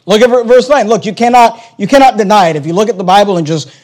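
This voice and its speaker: A man's voice: high voice, quick pace, a little mellow, rough recording. A man preaching a sermon as a pastor, hammering points home with emphatic repetition.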